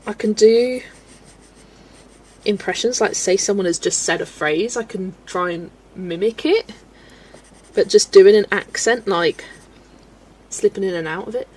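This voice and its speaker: A woman's voice: medium pitch, a little slow, pauses often, a little mellow, slightly rough. A woman from Southwest England with a Wiltshire accent, chatting casually and self-deprecatingly on a colouring live stream. She laughs often as she answers questions from chat.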